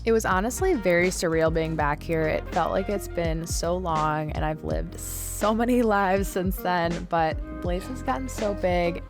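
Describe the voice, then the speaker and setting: Woman woodworker, low voice, wry chatty voice-over, soft music under it. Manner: wry and chatty, with dry jokes. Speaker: woodworker and channel host. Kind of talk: casual voice-over narration.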